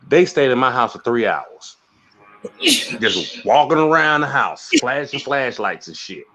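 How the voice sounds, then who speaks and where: A man's voice: medium pitch, measured pace. A middle-aged man from St. Louis telling a story as a caller. He talks casually, swears often and acts out the quotes. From St. Louis, USA. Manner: animated, profane, acts out quotes. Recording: lo-fi dull audio.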